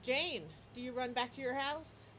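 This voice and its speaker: Upbeat woman game master, bit high, narrating. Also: moderate pace, slight background noise, rough recording. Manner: lively, stumbling narration with frequent restarts.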